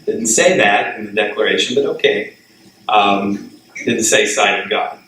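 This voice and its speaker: A man's voice: on the low side, animated, a little slow, bright, forceful tone. A middle-aged male lecturer teaching a class in a conversational way, asking students questions and laughing at his own asides. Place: lecture room. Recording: roomy, distant classroom recording with faint ambient noise.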